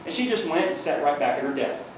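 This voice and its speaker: A fast-talking man with a fairly high, animated voice gives a conversational workplace-safety training talk, drawing on his past as a police liaison officer. He acts out quotes in his stories and checks in often with "okay?"; the audio is echoey, distant from the mic, and faintly noisy.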